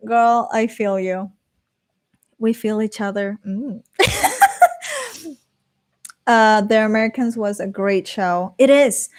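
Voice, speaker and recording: Slow-talking chatty woman. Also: on the high side. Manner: chatty, laughs often, reads comments aloud. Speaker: streamer reading live chat. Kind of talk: casual live-stream chat.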